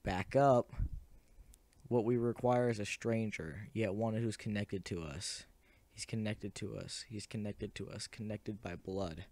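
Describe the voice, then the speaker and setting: A man reading the part of a calm, ominous female cult leader, pronouncing each line solemnly. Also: on the low side, unhurried, dry recording.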